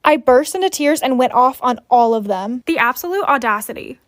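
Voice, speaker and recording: A young woman narrating a personal story in a brisk, dramatic storytime voice-over. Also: sits high, expressive, no echo, clean studio sound.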